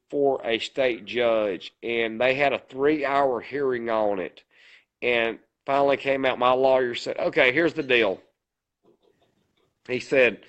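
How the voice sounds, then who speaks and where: A man's voice: medium pitch, rough recording. A man, co-hosting a podcast, who tells a long story in a rambling way and quotes every line with "he said, I said.". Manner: rambling retelling with many "he said, I said" quotes. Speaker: podcast co-host. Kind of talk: casual storytelling.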